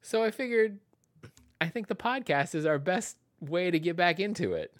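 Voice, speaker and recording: A man hosting a podcast in casual chat, expressive, swinging between bursts of laughter and soft asides. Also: sits high, moderate pace, dry recording, studio quality. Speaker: podcast host.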